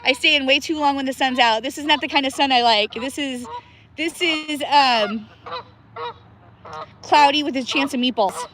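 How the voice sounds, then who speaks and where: Bright high-voiced woman in cold river. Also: normal speed. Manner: laughs often, chats to viewers by name. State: shivering with cold. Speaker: livestream host. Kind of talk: casual livestream chat.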